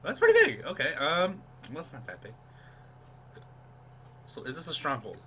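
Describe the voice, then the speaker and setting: A young man doing live let's-play commentary on his gameplay, excitable and profane, dropping to a whisper while sneaking. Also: fairly high pitch, normal speed, a little hiss or hum.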